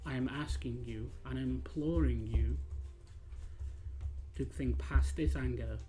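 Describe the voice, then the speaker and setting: A man playing an earnest male adventurer who bargains with an enemy in a measured, pleading way. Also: medium pitch, dark tone, soft background music, lightly acted. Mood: imploring.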